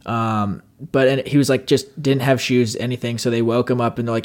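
A man's voice: medium pitch, fairly quick. A man co-hosting a podcast, telling a long anecdote in a casual, rambling way and acting out the people in it. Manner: rambling, animated, acts out voices with yelling. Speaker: podcast co-host. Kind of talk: casual storytelling chat.

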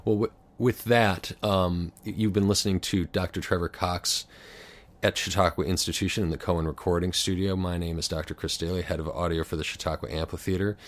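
A man's voice: sits low, flat delivery, fairly quick. A man interviewing a guest in a studio, asking long, rambling questions full of fillers. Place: recording studio.

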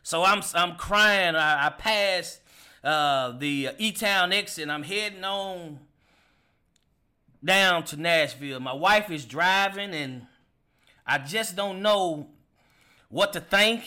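A man in his forties telling a personal testimony as a podcast host, emotional and halting, often repeating words as he speaks. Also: high-pitched, bright, forceful tone, clear, resonant tone. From Kentucky. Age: 40s.

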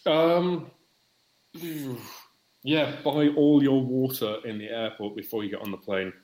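A man's voice: mid-range voice, fairly even intonation, measured pace, darkish tone. Chatty man, echoey room. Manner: chatty, rambling, wry. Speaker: guest. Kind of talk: casual podcast chat.

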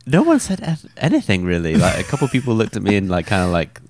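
A man's voice: lowish voice, huge pitch swings, fast, a little hiss or hum. A young man co-hosting a podcast in casual chat, rambling and hesitant with lots of fillers. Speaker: podcast co-host.

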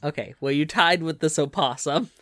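A man's voice: on the high side, normal speed, no echo. Male game master, casual narration, tabletop game, dry recording. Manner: casual, relaxed narration with fillers.

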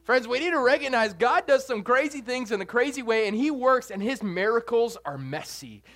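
Male preacher, high voice, animated and jokey delivery. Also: normal speed, faint music behind. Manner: animated, jokey, swings between soft and loud. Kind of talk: sermon.

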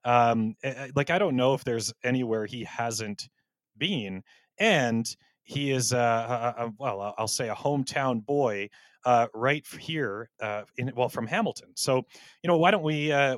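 A man's voice: mid-range voice, moderate pace, no room sound. A man hosting a casual podcast interview, talking with lots of fillers and restarts. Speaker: podcast host.

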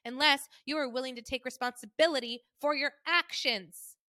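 A self-righteous middle-aged mother lectures in a preachy, emphatic tone, as a woman imitates her. Her voice is bright and forceful, pushing each point hard. The sound is dry and close. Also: high voice, moderate pace, dry recording, voice pushed up. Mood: scolding. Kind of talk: reading a message aloud in an imitated voice.

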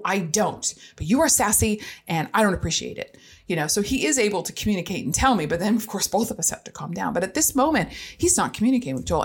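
A woman in her thirties or forties, a parent telling a frank, self-deprecating story, laughing easily as she goes. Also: mid-range voice. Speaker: parent sharing experiences. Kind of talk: candid storytelling monologue.

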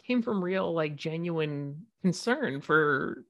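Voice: medium pitch, lively intonation, slow pace, fairly bright tone, no echo, studio quality. A podcast co-host reacting and chatting casually, with supportive comments and trailing restarts. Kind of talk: casual chat.

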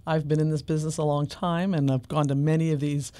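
A woman's voice: sits low, little pitch movement, fast talker, dark tone. A woman guest on a podcast, talking enthusiastically and a little hesitantly. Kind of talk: casual podcast chat.

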